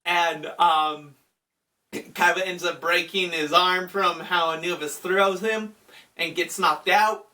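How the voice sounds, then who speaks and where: A man's voice: high voice, fairly even intonation, takes it slowly, bright, forceful tone, recorded from a distance. A man casually recapping an anime movie, chatty with fillers like "uh" and "like". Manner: chatty, with frequent fillers and laughs. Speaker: anime commentator.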